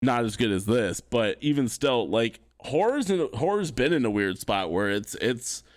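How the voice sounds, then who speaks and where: A man's voice: mid-range voice, expressive, normal speed, no echo, studio quality. A man co-hosting a gaming podcast, sarcastically piling up rhetorical questions. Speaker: podcast co-host. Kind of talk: casual gaming chat.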